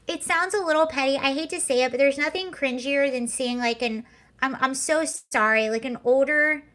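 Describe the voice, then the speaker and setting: A woman with a somewhat high voice hosts a casual livestream. She chats sarcastically, laughs often and reads viewer comments aloud. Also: normal speed, a bit bright. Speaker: livestream host. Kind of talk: casual chat reacting to clips and comments.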